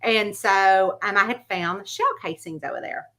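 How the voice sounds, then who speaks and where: Animated woman telling a story. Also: mid-range voice, measured pace. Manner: animated storyteller who acts out the voices in her anecdotes. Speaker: mystery author. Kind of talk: casual chat vlog.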